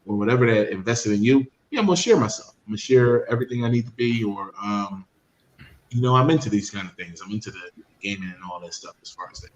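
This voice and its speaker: Low-voiced man in a roomy recording. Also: fairly even intonation, muffled recording. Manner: halting, restarts his sentences. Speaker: discussion participant. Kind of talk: casual group conversation. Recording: roomy echo with faint noise.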